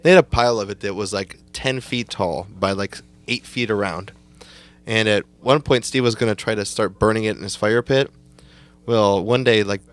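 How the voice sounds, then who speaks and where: A young man with a fairly low voice co-hosts a casual podcast. He tells long family stories in a loose, rambling way, swears freely and often laughs through his own punchlines. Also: smooth. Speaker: podcast co-host. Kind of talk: casual storytelling chat.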